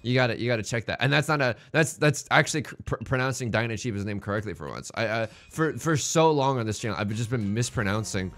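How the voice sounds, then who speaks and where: A man's voice: medium pitch, animated, quick pace, few pauses, a bit bright. A young man giving casual, rambling, jokey commentary while playing a tile game, full of restarts and self-mockery. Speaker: let's play host. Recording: faint music behind.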